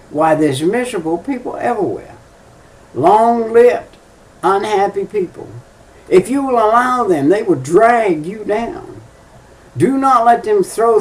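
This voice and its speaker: Older man, preacher, folksy storytelling, emphatic, slightly high voice. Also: darkish tone, recorded from a distance. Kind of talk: folksy sermon.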